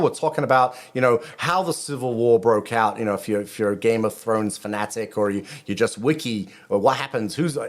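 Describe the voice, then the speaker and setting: A middle-aged man, a rabbi hosting his own channel, talking casually and rambling with many restarts and asides. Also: mid-range voice. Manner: rambling, self-interrupting, chatty asides. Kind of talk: casual video commentary.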